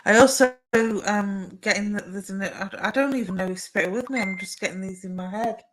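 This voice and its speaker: A young woman talks casually into her webcam from home, answering viewers' comments one by one. Her voice is bright and clear, and her easy chat is full of little ums and restarts. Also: medium pitch, brisk, low-quality recording. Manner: chatty, warm replies to viewer comments with frequent fillers. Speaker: psychic medium and live stream co-host. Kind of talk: casual live stream chat and readings.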